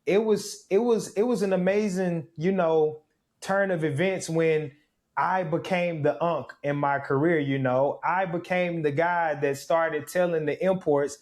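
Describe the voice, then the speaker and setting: A man in his thirties from Mississippi, a guest in an interview, telling his story with reflective, animated energy. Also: fairly high pitch, unhurried. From Mississippi, USA. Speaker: guest, former pro football player.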